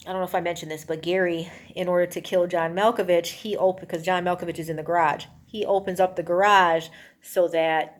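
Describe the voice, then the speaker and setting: Rambling woman retelling a movie plot. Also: fairly low pitch. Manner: rambling, full of "you know" and "um"; acts out characters' lines in a raised voice. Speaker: movie reviewer.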